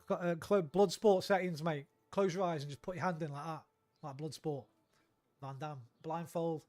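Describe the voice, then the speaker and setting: Guy streaming a game, fairly high-voiced, ranting and sweary, faint music under. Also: fairly even intonation, normal speed, darkish tone. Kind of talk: casual gameplay chat.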